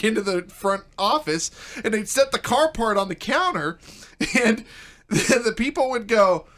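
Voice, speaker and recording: A male talk show host with a voice pitched high for a man. He is energetic and joking, pokes fun at himself, and rattles off sponsor plugs and phone numbers in the way of a radio show. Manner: energetic, joking, self-mocking; reads ads and phone numbers.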